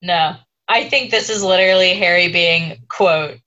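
A woman's voice: lowish voice, measured pace, pushed and bright, highs cut off. A woman co-hosting a podcast, chatting sardonically and swearing freely. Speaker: podcast co-host. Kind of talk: casual book-club chat.

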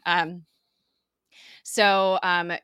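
A woman's voice: fairly low pitch, flat delivery, extremely slow, bright, forceful tone, clean tone, no room sound, clean studio sound. A young woman hosting a podcast, casually recapping a TV episode with lots of fillers and laughter. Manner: chatty, many fillers, frequent laughter. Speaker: podcast host.

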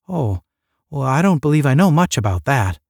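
A man voicing an eager young woman who is a lifelong space fan, speaking in an excited, gushing way in an audiobook. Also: fairly high pitch, moderate pace, vocal fry, no room sound, studio quality, voice pushed up. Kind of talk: audiobook character voice.

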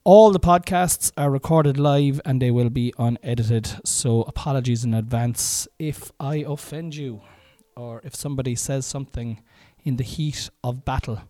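Middle-aged man, podcast host, rambling, self-mocking, mellow voice, dry sound. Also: mid-range voice, moderate pace, few pauses, no room sound. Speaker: podcast host and stand-up comedian. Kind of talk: casual podcast chat and mic tests. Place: room at home.

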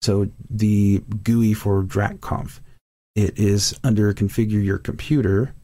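Low mellow-voiced man reviewing software. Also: level tone, slow. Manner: enthusiastic, rambling with restarts and fillers. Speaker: video reviewer. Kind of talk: casual software walkthrough.

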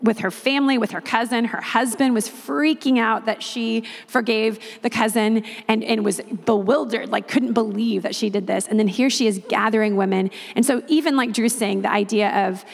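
A woman's voice: a little high, fairly even intonation, normal speed, creaky, few pauses, big-room sound. A woman missionary telling a testimony story, often retelling what others said in their own words.

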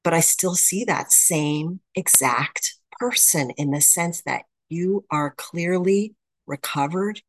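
A woman's voice: on the low side, slow, no echo. A woman sharing at a support meeting over a video call, effusive and supportive toward another member. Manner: warm-hearted, effusive.

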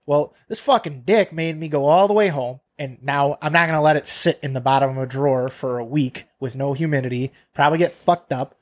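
A man co-hosting a podcast, telling a workplace story in a casual, profane, animated way. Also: fairly high pitch, a little fast, hardly any pauses. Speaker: podcast co-host.

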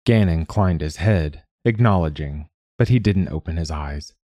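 Deep-voiced man narrating a story. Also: moderate pace, mellow, dry recording, clean studio sound. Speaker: audiobook narrator. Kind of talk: scripted narration.

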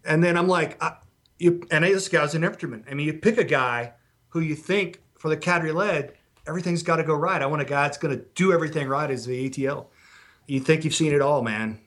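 A man's voice: fairly high pitch, fairly quick. A middle-aged man and former Special Forces instructor, telling blunt, profane war stories on a podcast. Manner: blunt, profane, animated storyteller. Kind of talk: podcast storytelling.

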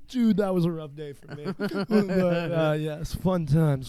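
A man's voice: fairly high pitch, slow pace, hardly any pauses, mellow, clear, resonant tone, no echo. A young man hosting a podcast, telling a long profane story in casual chat. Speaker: podcast host.

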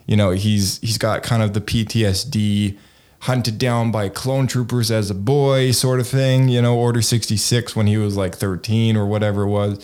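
A man's voice: lowish voice, steady tone, normal speed, darkish tone. A man co-hosting a casual chat, rambling and full of fillers and hedges. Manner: rambling, filler-heavy, hedging. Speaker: podcast co-host.

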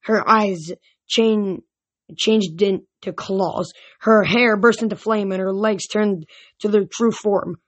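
A woman's voice: medium pitch, fairly even intonation, slow. Woman reading a novel aloud. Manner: occasional stumbles and restarts. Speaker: reader.

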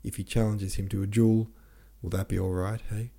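A man's voice: fairly low pitch, level tone, normal speed, mellow. Man reading as Maya Dmitrievna, stern older woman. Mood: scolding. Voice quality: rough voice. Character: stern older woman, rough-voiced and scolding.

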